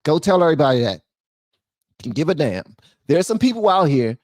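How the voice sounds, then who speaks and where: A man's voice: fairly high pitch, normal speed, no room sound, clean studio sound. Blunt man talking straight to camera. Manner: animated, blunt, talks straight to viewers. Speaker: channel host. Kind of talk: casual political commentary.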